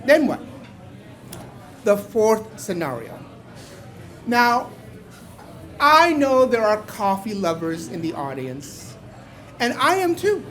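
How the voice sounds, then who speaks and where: Older man telling a wry story slowly. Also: high voice, wildly swooping pitch. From Mexico. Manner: playful, wry, bursts into loud exclamations. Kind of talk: live stage storytelling. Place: small bar venue before a live audience.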